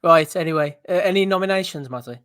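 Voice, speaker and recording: A man's voice: a little high, quick pace, fairly bright tone, clean tone, dry recording. A man hosting a podcast, steering the casual banter along with a dry manner. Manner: dry, moves the talk along. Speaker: podcast host.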